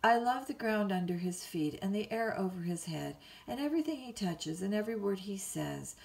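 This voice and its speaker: A woman's voice: medium pitch, expressive, gravelly, darkish tone. A woman playing a petulant, willful young lady. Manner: petulant, pleading, quick to flare up. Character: willful, restless young woman, twenty-two. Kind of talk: storybook reading.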